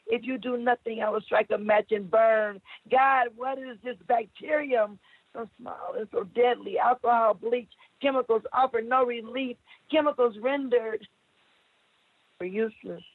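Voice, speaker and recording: A woman poet chatting through a story with laughs, then reciting a spoken-word poem with dramatic jumps in pitch. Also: breathy edge, dry recording. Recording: tinny phone-like radio line.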